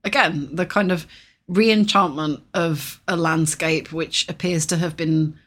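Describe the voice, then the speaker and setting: Husky podcast co-host. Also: mid-range voice, fairly even intonation, unhurried, fairly bright tone. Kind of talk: casual banter.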